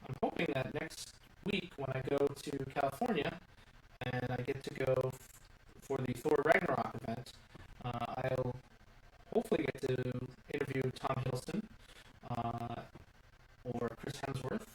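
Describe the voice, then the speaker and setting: A man's voice: medium pitch, measured pace. A man casually talking through a toy set build, thinking aloud and rambling with lots of fillers and restarts, recorded indoors. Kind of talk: casual live build commentary. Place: indoor room. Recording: echoey room, mic at a distance, faint hum.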